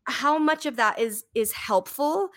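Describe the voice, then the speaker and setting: A woman hosts a podcast in a casual, thinking-aloud way, full of fillers. Her voice sits a bit high, and the recording is dry and close. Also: measured pace, fairly bright tone, no echo. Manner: chatty, lots of "like", thinks aloud. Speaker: podcast host. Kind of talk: casual chat.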